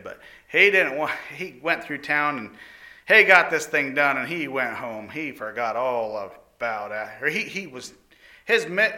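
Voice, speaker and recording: A man preaching by retelling a story in an animated, folksy way, with many exclamations. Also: medium pitch. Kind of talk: storytelling sermon.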